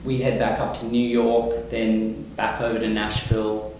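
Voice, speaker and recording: A man's voice: fairly low pitch, normal speed, a little hiss or hum. Rambling Australian man, echoey distant mic. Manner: relaxed, rambling, many fillers and restarts. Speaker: touring singer-songwriter, guest. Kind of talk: casual interview.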